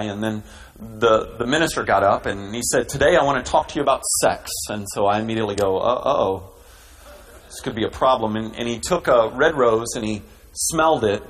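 A man telling a story in a sermon, starting calmly and building to impassioned fervor. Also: lowish voice, slight background noise, poor audio. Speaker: preacher telling a story in a played clip.

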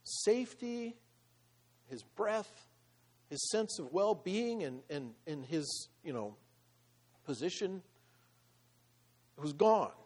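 A man's voice: high voice, animated, slow, pauses often, darkish tone. Conversational man preaching a sermon. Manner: conversational, with fillers and laughs, voicing God in paraphrase. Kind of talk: sermon with scripture reading.

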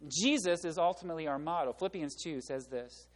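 A man's voice: on the high side, fairly quick. Preaching man in an echoing church hall. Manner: animated preaching with rhetorical questions. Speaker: pastor. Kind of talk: sermon. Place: church sanctuary. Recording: long reverb of a church hall.

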